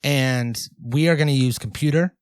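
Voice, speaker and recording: A man co-hosting a comedy podcast, talking in a deadpan, mock-serious way with lots of fillers. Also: mid-range voice, normal speed, clean tone, no room sound. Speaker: podcast co-host. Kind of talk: casual comedic podcast chat.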